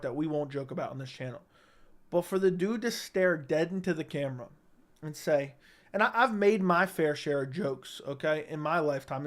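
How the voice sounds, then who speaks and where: A man with a fairly high voice hosts a livestream and delivers hot, blunt commentary about the fight world. He circles back to the same phrases again and again, his talk sounding close and direct through a studio microphone. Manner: blunt, heated ranting with repeated phrases. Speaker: MMA commentary channel host. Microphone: studio broadcast mic.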